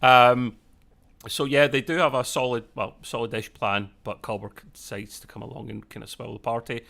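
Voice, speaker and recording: A man co-hosts a casual live discussion, rambling through his points with plenty of restarts and jokey asides. His pitch sits in an ordinary middle range for a man. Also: steady tone, normal speed, vocal fry, a bit bright. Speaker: podcast co-host.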